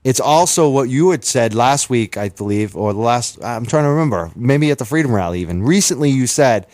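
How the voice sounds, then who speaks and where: A man's voice: medium pitch, expressive, a little fast, darkish tone, dry recording. A man co-hosting a talk radio show, arguing his views earnestly and bluntly. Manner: earnest, opinionated, swears. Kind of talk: casual talk radio chat.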